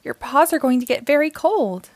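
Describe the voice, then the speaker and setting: A woman voicing a caring, patient tiger mother in a storybook read-aloud, in a gentle manner. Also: sits high, expressive, moderate pace, no echo, pitched above the performer's own voice.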